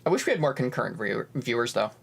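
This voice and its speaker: A young man casually chatting as co-host of a stream, animated, with bursts of silly voices. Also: mid-range voice, fast talker, gravelly, breathy edge.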